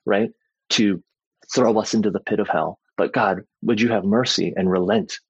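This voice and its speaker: Husky-voiced man teaching scripture casually. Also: fairly low pitch, moderate pace, no room sound, highs cut off. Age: adult parent. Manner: conversational, tags sentences with "right?", frequent "like" and "you know". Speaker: Bible teacher.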